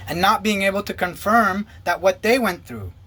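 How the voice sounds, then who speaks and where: A former pastor giving an earnest personal testimony and acting out past conversations in quoted dialogue. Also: male voice, sits high, moderate pace, pushed and bright.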